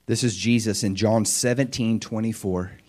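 A man preaching a sermon with animated, emphatic delivery and frequent questions to his listeners. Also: fairly low pitch, moderate pace.

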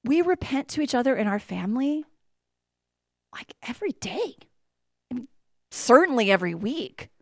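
High-voiced woman preaching, dry sound. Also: big pitch swings, moderate pace, pauses often, no room sound. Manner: storytelling, moves between hushed asides and loud outbursts. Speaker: church speaker and mother. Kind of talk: sermon.

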